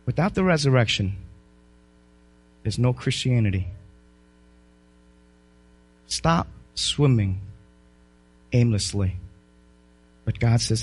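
A male pastor preaching a sermon, swinging between loud calls and low, quiet storytelling. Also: animated, slow, pauses often, husky.

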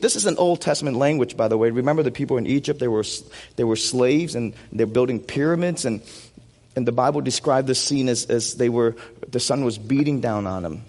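Animated preacher, echoing hall. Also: male voice, mid-range voice. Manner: animated, conversational preaching with frequent tag questions. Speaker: pastor. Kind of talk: sermon. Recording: long reverb of a large hall.

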